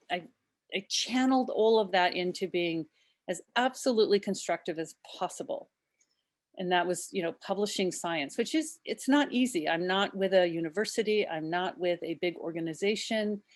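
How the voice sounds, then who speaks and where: A woman's voice: medium pitch, no room sound. A woman, a marine biologist and activist, telling her story in an impassioned, earnest way with many restarts and shifting pace. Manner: impassioned, frequent restarts, speeds up and slows down. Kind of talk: earnest first-person storytelling talk.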